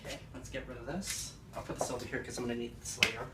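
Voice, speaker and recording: Excited man filming at home. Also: medium pitch. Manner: excited and emotional, halting with fillers. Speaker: vlogger unboxing a piano. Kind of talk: casual home video vlog. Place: at home by the front door. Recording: echoey, distant, noisy with passing traffic.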